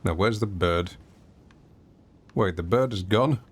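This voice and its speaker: A man's voice: sits low, slow pace, slight background noise. A man streaming a video game, giving casual, playful, self-mocking commentary as he plays.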